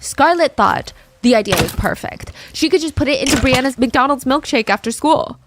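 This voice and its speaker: A woman's voice: high voice, lively intonation, normal speed, background noise. A young woman casually telling a true crime story over gameplay, with lots of "like" and "I mean" asides.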